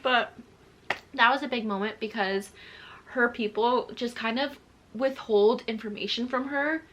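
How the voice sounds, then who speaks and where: A woman's voice: fairly high pitch, a bit bright. A woman making a casual reading vlog, reacting to a book with gushing emotion and talking straight to her viewers. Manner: gushing and emotional, often laughing and tearing up; chatty, addresses viewers directly. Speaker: book vlogger.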